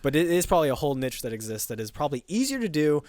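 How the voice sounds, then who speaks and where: A man rattles through a casual podcast chat at high speed, his stories rambling and full of swearing. He sits close to a dry, dead-sounding mic. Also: big pitch swings, rapid-fire, a little mellow, dry recording. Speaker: podcast co-host.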